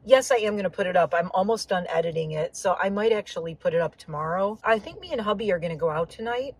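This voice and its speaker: A woman's voice: medium pitch, quick pace, a little mellow, husky, dry recording, poor audio. A woman chatting casually while driving, rambling with lots of asides and a slightly sore throat. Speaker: vlogger. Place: inside a car on the road.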